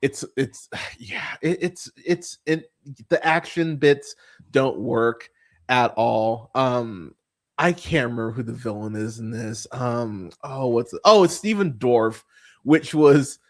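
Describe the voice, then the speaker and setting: A man hosting a casual movie podcast, rambling and swearing freely, full of fillers and restarts, and turning animated when he mocks what he saw. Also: mid-range voice. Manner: animated when mocking characters. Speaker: podcast host. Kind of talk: casual movie review chat.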